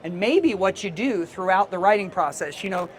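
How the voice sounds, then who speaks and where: A man's voice: sits high, animated, normal speed, slight background noise. A man giving a live conference workshop talk in a casual, chatty way, laughing easily as he talks to the room. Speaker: teacher trainer and conference presenter.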